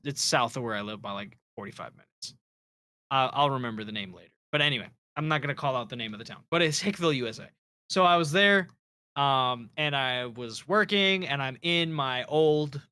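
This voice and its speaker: Male co-host, bright and crisp tone, dry close sound, lively profane storyteller. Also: on the high side, dry recording. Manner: animated storyteller, swears freely. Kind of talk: casual chat and anecdote telling.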